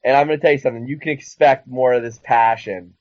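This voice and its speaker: A man co-hosting a casual wrestling podcast, rambling and excitable, sometimes mocking others in a squeaky voice. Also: fast, dry recording. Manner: rambling, excitable, mocking high-pitched impressions. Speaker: podcast co-host. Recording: dull lo-fi dry sound.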